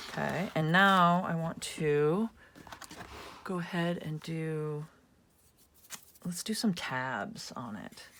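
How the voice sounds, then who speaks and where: A woman's voice: low-pitched, creaky, fairly bright tone, slight background noise. A woman hosting a casual craft tutorial, chatting and thinking aloud as she works at home. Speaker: craft channel host.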